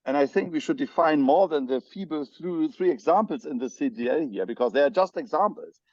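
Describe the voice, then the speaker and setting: A man's voice: fairly high pitch, expressive, a little fast, darkish tone, no room sound. Man, German accent, technical meeting talk, hesitant with fillers, muffled lo-fi call audio, dry sound. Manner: hesitant, many fillers and restarts. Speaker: spec editor. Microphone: video call. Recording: dull lo-fi video call audio.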